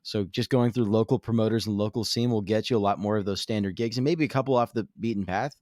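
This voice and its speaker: A man co-hosting a podcast in casual chat, speaking in a relaxed, easygoing way with offhand slang. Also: lowish voice, quick pace, no room sound, clean studio sound. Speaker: podcast co-host.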